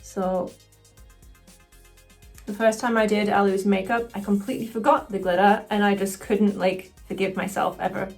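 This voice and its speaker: A woman chatting casually through a makeup tutorial, excitable and quick to swear. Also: medium pitch, soft background music. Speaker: cosplayer doing a makeup tutorial.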